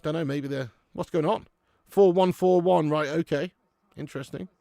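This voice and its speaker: A young man hosts a live football watch-along, reading viewer comments, chatting casually, laughing often and swearing freely. His voice is fairly high, creaky and mellow at a moderate pace. It's studio quality with no room sound.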